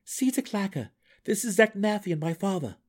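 A man voicing a young male dark elf who pleads urgently. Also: sits high, expressive, normal speed, voice pushed up.

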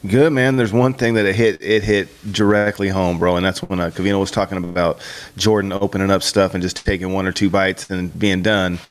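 A man's voice: low voice, flat delivery, fairly quick. Laid-back slangy man chatting. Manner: laid-back, slangy, says bro and dude a lot. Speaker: podcast co-host. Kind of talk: casual chat.

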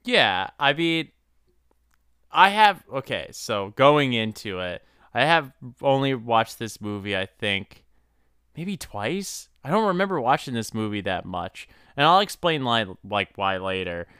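Male co-host, lowish bright voice, energy fades fast, restarts often. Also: lively intonation, clear, resonant tone, dry recording, studio quality. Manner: bursts of energy that quickly drop off, hesitant restarts. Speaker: podcast co-host. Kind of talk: casual chat.

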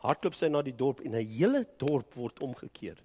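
A man with a South African accent preaching a sermon, swinging from loud urging to hushed, low passages. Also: sing-song, brisk, slightly rough, long reverb tail. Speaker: pastor. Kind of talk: bilingual sermon.

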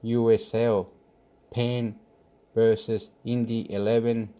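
A man's voice: mid-range voice, little pitch movement, takes it slowly, warm tone. A man giving football predictions in a rambling casual monologue, talking to himself, muttering and sometimes swearing.

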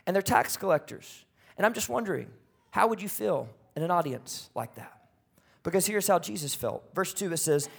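A man preaching a sermon in a lively, conversational way, acting out quick asides to the congregation. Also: sits high. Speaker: pastor.

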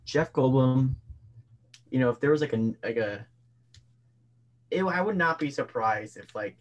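A man's voice: medium pitch, measured pace, dull audio. A young man as a podcast guest, playful and rambling in casual chat.

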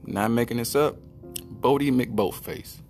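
A man's voice: mid-range voice, a little slow, darkish tone, faint music behind. A man hosting a podcast, telling a rambling, joking comedic monologue and slipping into silly voices. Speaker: podcast host.

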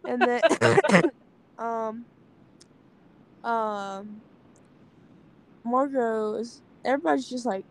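A woman's voice: on the high side, extremely slow, long pauses. A young woman, in school, chatting casually about a film and retelling scenes with lots of 'like' fillers. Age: young adult. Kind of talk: casual movie chat.

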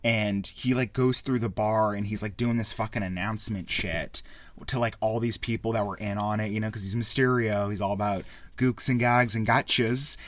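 Lowish dry-voiced man, animated and profane. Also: moderate pace, dry recording. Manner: rambling, profane, excitable. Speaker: podcast host reviewing a film. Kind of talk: casual spoken film review.

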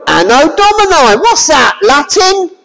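A high, lively voice preaches a sermon at an unhurried pace. The delivery is forceful and full of rhetorical questions, now and then rising to a shout. The sound rings with the long reverb of a large hall. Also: creaky. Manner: emphatic, fires rhetorical questions at listeners; forceful, raises voice to a shout at times.

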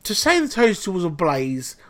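Podcast host, young adult man, lively swearing storyteller, voice rising and falling a lot. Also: high voice, normal speed. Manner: animated storytelling, heavy swearing. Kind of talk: casual chat.

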